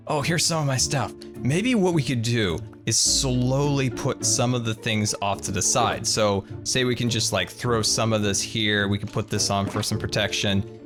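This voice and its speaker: A man hosting a casual gameplay video, thinking aloud and squealing high in panic when things go wrong. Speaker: Minecraft let's play host.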